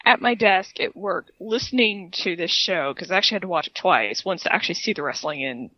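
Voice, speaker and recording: A woman's voice: on the low side, lively intonation, brisk, sharp tone, highs cut off. A woman co-hosting a casual podcast, talking in a chatty, enthusiastic way. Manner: chatty, enthusiastic, trails into repeated phrases. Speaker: podcast co-host. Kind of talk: casual chat.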